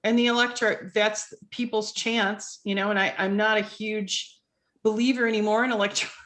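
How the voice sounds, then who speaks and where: A woman hosting a casual political chat, animated and emphatic. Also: medium pitch, moderate pace. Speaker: host.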